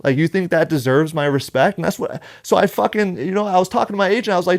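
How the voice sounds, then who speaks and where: Here the rapper's high voice races along with vocal fry and hardly a pause as he tells heated, blunt, profanity-heavy stories during a casual podcast interview. The audio is dry and studio quality, recorded in a podcast studio.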